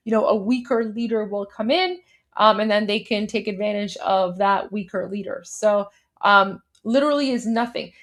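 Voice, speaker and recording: A woman hosting a casual political commentary livestream, chatty and repetitive, turning emphatic and insistent when she argues a point. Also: medium pitch. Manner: chatty, repeats words and restarts while coaching pronunciation. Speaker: livestream show host.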